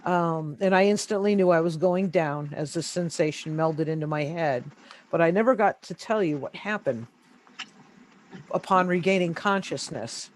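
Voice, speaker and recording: A woman appearing as a guest on a video call tells a strange personal experience in casual first-person fashion. Her voice is on the low side, and she is hesitant and halting, stumbling and repeating words while searching for her thoughts. The poor audio comes through a home computer mic.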